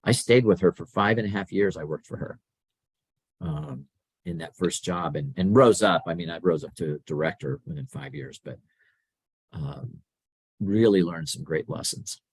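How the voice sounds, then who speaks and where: A man's voice: sits low, moderate pace, breathy edge, no room sound. A middle-aged man as a podcast guest, telling stories about his career in a casual way and acting out bits of dialogue. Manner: animated, acts out quoted dialogue. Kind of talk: conversational storytelling.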